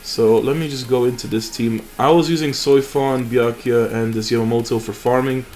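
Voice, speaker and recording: Relaxed man rambling over game footage. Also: mid-range voice, normal speed, faint music behind. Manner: rambling, relaxed, fillers and restarts. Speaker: mobile game channel host. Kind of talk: casual gameplay commentary.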